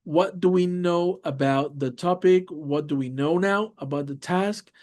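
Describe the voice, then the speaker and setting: A man's voice: high-pitched, measured pace, darkish tone. A man with a Latin American Spanish accent presenting a webinar to teachers, often checking in with "all right?" and many fillers. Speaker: teacher trainer.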